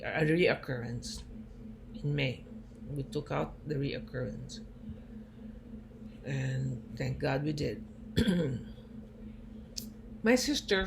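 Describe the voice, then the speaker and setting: Gravelly woman telling her story. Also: deep voice. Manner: emphatic, indignant retelling. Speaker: cancer survivor sharing her story. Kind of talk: personal storytelling talk. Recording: noisy recording.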